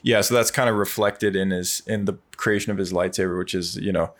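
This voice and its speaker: A man's voice: low-pitched, fairly even intonation, brisk. A man co-hosting a casual book discussion, hesitant and repeating words as he thinks aloud. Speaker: podcast co-host.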